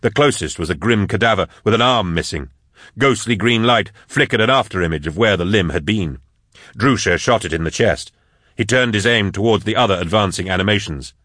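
A man narrating an audiobook in a measured, steady read, close on a studio mic. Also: on the low side, dry recording. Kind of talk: scripted narration.

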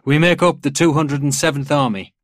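A man voicing a self-assured male tank commander who answers in calm, measured, unbending replies, a little higher than his own voice. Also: no echo, clean studio sound, close to an everyday voice. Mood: composed. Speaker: tank army general.

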